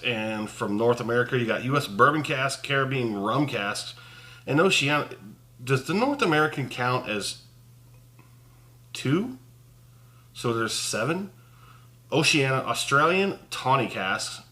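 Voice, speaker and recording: A man with a bright, forward voice hosts his own whiskey review show. He talks in a loose, chatty way, thinks out loud and chuckles at his own slips. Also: mid-range voice. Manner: chatty and relaxed, laughing at himself, thinking aloud. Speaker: host of a spirits review channel. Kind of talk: casual on-camera review chat.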